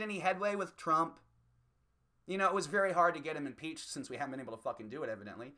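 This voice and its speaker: A man's voice: a little high, quick pace, sharp tone. A man doing a heated, profane stand-up rant as a comedian.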